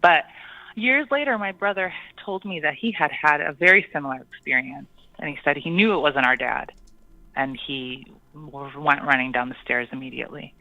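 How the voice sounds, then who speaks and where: A caller on a call-in radio show recounts a spooky personal story, hesitant and full of pauses and ums. The voice sits at a middling pitch and sounds dry and muffled, as if heard down a dull phone line. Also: bright, forceful tone, no room sound.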